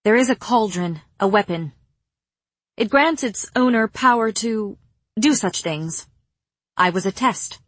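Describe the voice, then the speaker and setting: A woman reading an audiobook, voicing a fearless young woman who speaks in a cool, clipped, steady way. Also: mid-range voice, a little slow, long pauses, dry recording, pitched above the performer's own voice.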